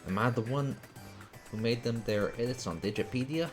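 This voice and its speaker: A man voicing a male bug creature from a game with a drawling, gruff country way of talking. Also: medium pitch, moderate pace, soft background music, pitched above the performer's own voice, natural voice. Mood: sly. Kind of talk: reading game dialogue aloud.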